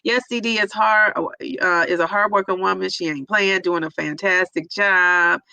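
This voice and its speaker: A woman's voice: medium pitch, fairly even intonation, normal speed, vocal fry, bright, forceful tone, clear, resonant tone, no room sound, rough recording. A middle-aged woman livestreaming, chatting emotionally and tearfully with viewers while reading the chat, with lots of fillers. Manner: emotional, teary, many fillers. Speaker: vlogger reading live chat.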